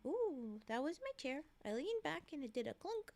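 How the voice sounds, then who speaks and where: A woman's voice: sits high, big pitch swings, moderate pace, hardly any pauses, darkish tone. A young woman streamer reading horror stories aloud, with chatty asides and laughter. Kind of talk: reading aloud with casual commentary.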